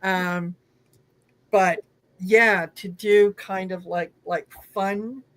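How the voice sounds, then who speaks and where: A woman co-hosting a casual tarot chat over a video call, enthusiastic and quick to agree. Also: mid-range voice, fairly even intonation, fairly bright tone, dry recording. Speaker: co-host.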